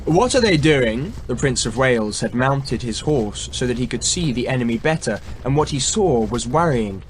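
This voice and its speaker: Measured male audiobook narrator. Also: mid-range voice, slight background noise. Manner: measured, dramatic. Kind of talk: scripted narration.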